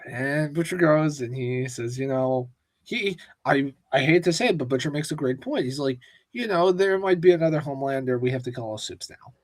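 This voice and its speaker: A man's voice: medium pitch, moderate pace, no room sound. A man co-hosting a casual pop-culture podcast, ranting with lots of swearing. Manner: profane and ranting. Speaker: podcast co-host. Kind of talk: casual chat.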